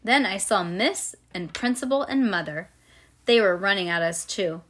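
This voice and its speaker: A woman reading a children's storybook aloud to a child, lively and pausing to explain things. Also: mid-range voice.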